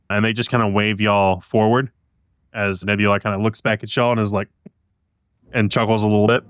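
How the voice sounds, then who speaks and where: A man's voice: lowish voice, flat delivery, brisk, fairly bright tone, clear, resonant tone, no echo. A tipsy man narrating as game master of a tabletop game, casual and loose.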